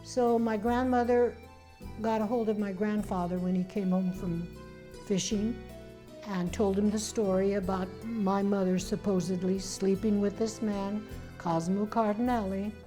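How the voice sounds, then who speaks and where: An older woman and memoir author telling her family's story in an animated way, acting out the people she quotes. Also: medium pitch, unhurried, faint music behind. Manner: animated, acts out quoted voices. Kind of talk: personal storytelling.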